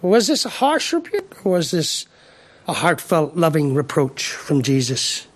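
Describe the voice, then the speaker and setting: A man's voice: a little high, wildly swooping pitch, unhurried. An Irish man preaching a sermon, emphatic, asking rhetorical questions and often repeating his first word as he restarts. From Ireland.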